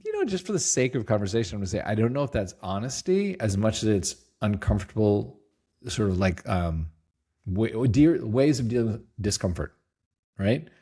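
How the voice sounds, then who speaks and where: A man's voice: fairly low pitch, moderate pace, breathy edge. A middle-aged man, a company CEO, being interviewed as a guest, telling stories casually and acting out quotes. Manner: lively storyteller, acts out quotes, laughs easily.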